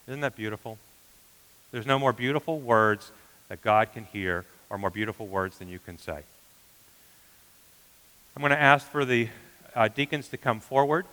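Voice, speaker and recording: A man preaching a sermon as pastor, earnest, often dropping to a hushed emphasis. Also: mid-range voice, normal speed, long pauses, big-room sound, poor audio.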